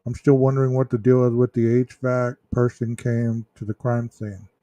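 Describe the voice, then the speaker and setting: A man's voice: medium pitch, little pitch movement, normal speed, warm tone, no room sound. A man hosting a true-crime livestream, chatting casually with viewers in chat, rambling with fillers and restarts.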